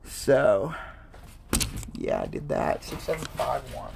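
A man's voice: medium pitch, wildly swooping pitch, slow, gravelly. Young male podcaster, casual and profane, recorded in a noisy delivery truck cab. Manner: rambling, profane, talks to himself while working. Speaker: podcast host. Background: wind and banging packages.

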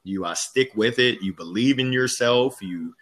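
A man's voice: mid-range voice, moderate pace, a bit bright. A man being interviewed as a guest on a sales podcast, telling candid, upbeat stories about his career. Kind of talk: casual interview storytelling.

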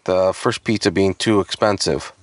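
A man's voice: low voice, moderate pace, no echo. A man rambling through a casual podcast chat, joking and full of fillers. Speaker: podcast co-host.

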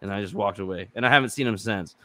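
A man co-hosting a podcast, telling animated, profane stories and acting out what people said. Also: fairly low pitch, fast talker, no echo. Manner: animated, profane storytelling with acted-out quotes. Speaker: podcast co-host. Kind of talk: casual chat.

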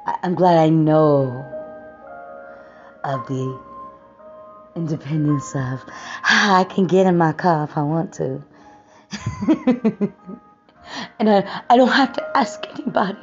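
A woman hosting a faith talk show, telling a story in a casual, animated way and often laughing. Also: low-pitched, slow, long pauses. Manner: animated, laughing storyteller, voice rising when excited. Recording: dull lo-fi audio with faint music.

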